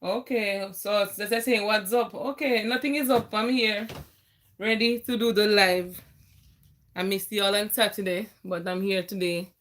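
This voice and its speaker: A woman's voice: medium pitch, fairly even intonation, measured pace, a bit bright. A woman tutoring math on a casual live stream from her phone, chatty and laughing often, sometimes talking while eating.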